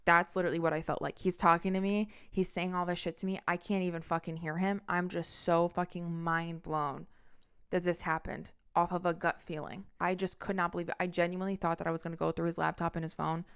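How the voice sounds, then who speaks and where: Low, smooth-voiced woman telling a storytime. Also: flat delivery, fairly quick, a bit bright. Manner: candid, intense, profanity-laced storytelling. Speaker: podcast host. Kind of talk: storytime monologue.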